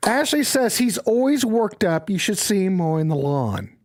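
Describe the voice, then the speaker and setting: Excitable, teasing male host. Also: high-pitched, moderate pace. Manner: excitable and teasing, swears freely. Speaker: show host. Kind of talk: casual livestream chat.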